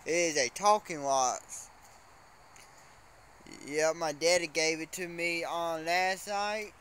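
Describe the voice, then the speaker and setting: A man's voice: on the high side, steady tone, slow pace, a bit bright, slight background noise. A man from Mississippi with a Southern accent, chatting casually to camera in a rambling way and repeating "so anyway.". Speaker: vlogger. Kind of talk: casual vlog chat to camera.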